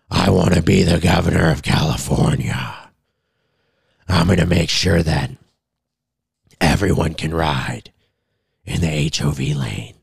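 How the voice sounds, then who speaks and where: A man doing a comic impression of a celebrity speaking in a deep, gravelly caped-crusader growl, slow and mock-grave. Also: dry recording, clean studio sound, exaggerated voice.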